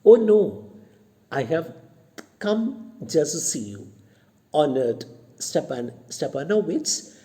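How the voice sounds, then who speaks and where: A man's voice: fairly high pitch, sing-song, takes it slowly, mellow. A man with an Indian English accent reading the part of a nervous, timid young male suitor who speaks in a hesitant, stumbling, apologetic way.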